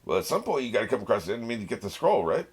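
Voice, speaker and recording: A man's voice: medium pitch, sing-song, very fast, husky. A man hosting an anime reaction video, chatting casually, laughing often and talking back to the screen. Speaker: anime reaction channel host.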